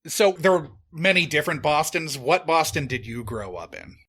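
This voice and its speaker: A man's voice: a little high, animated, normal speed, fairly bright tone, husky. A man co-hosting a podcast, asking questions and making wry remarks. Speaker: podcast co-host. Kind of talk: casual chat.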